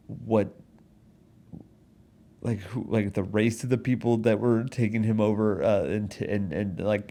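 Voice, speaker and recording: Young man, podcast host, low voice, mellow tone, casual rambling storytelling. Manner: rambling storytelling with many restarts and chuckles. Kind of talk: casual comedic monologue. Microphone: studio mic in front of a backdrop.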